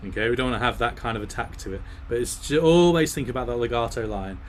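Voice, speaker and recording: A man's voice: mid-range voice, quick pace, slight background noise. A man leading an online choir rehearsal. He talks through the music, often singing phrases to demonstrate. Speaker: choir director.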